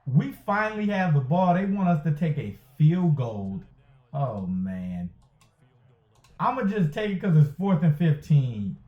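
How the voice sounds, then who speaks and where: A man giving excited play-by-play commentary over a football video game he is playing, hyping and groaning at each play and repeating his phrases. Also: fairly high pitch, measured pace. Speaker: gaming YouTuber. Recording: tinny phone-like sound in an echoey room.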